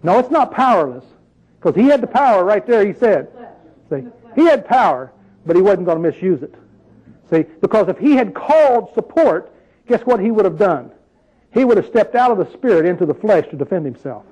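A man's voice: sits high, big pitch swings, a little fast, a little mellow, breathy edge, poor audio. A man preaching a sermon in a conversational, emphatic way, full of rhetorical questions.

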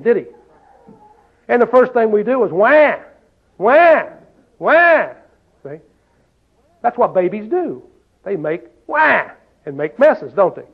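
A man preaching a sermon in a folksy way, often asking the listeners questions and saying "see?". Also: sits high. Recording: tinny phone-like sound.

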